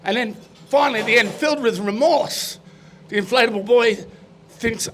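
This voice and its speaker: A man's voice: high voice, a little slow, fairly bright tone, slight background noise. A man, a guest comedian, telling jokes on stage in a loose storytelling way. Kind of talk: stand-up joke telling.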